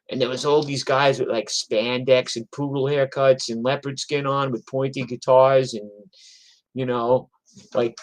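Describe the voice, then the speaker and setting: A man's voice: mid-range voice, fairly even intonation, moderate pace, rough recording. A middle-aged man, a musician telling rambling, profane stories in a casual monologue full of "like" and "you know.". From New York.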